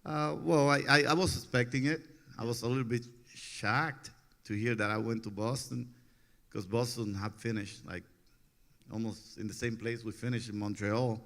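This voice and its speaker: A man's voice: mid-range voice, moderate pace. Man in his 40s, easygoing storyteller who laughs a lot and voices other people's lines with energy. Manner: laughs often, animated when quoting others. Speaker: interview guest, former pitcher. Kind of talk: relaxed storytelling interview.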